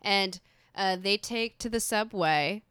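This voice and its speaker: Female podcast co-host, smooth clear voice, relaxed chatty recap. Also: mid-range voice, slow, no echo. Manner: recaps the plot with easy laughter. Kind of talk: casual movie-review chat.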